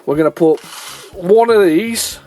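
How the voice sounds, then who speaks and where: A man's voice: high-pitched, unhurried, mellow. A man hosting a retro gaming video, rambling chattily with many fillers and restarts as he shows old game tapes. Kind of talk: casual chat while showing old game tapes.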